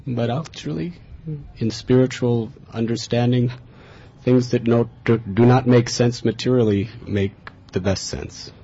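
A man from America, telling a personal spiritual story in an earnest, lively way, recorded in a dull, lo-fi recording. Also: medium pitch, a little slow, husky. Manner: earnest, animated in tellings, chuckling. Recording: dull lo-fi recording with faint hiss.

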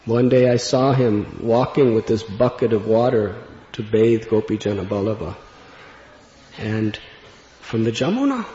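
A man telling a devotional story in an earnest, reflective way, laughing gently at times. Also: medium pitch. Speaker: spiritual speaker. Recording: dull lo-fi recording in an echoey hall with long reverb.

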